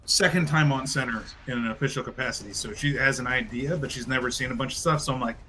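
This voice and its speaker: A man's voice: medium pitch, fast talker, pushed and bright, a little hiss or hum. A man playing in a tabletop game, chatting about his day between turns in a rambling way. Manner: chatty, rambling, laughs often. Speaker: player. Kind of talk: casual chat.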